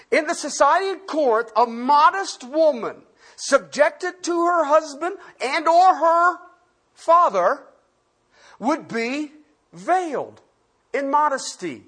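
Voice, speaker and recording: A pastor teaching a Bible-study sermon, asking the listeners questions and swinging from loud emphasis to quiet asides. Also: high-pitched, animated, takes it slowly.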